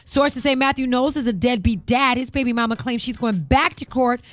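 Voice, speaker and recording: Woman, radio gossip reporter, brisk chatty headlines, somewhat high voice. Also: no echo. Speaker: entertainment news reporter.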